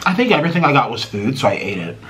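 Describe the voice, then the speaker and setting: A man's voice: medium pitch, very animated, very fast, a bit bright, a little hiss or hum. An American man rambling casually to his viewers while eating, often stopping and restarting his sentences. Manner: rambling, self-interrupting, chatty. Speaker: mukbang YouTuber. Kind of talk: casual eating vlog chat.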